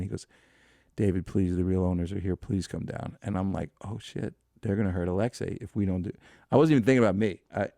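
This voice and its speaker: A man's voice: low voice, gravelly, dark tone, no room sound, studio quality. A man in his fifties, a podcast guest, telling a long anecdote in a rambling way, full of fillers and restarts. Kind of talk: storytelling in a podcast interview.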